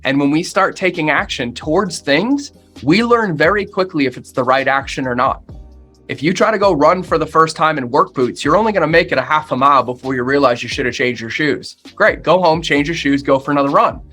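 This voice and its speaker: A man's voice: a little high, animated, fairly quick, pushed and bright, faint music behind. A man talking as a podcast guest, with an emphatic, punchy way of speaking that repeats phrases for effect. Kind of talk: motivational interview talk.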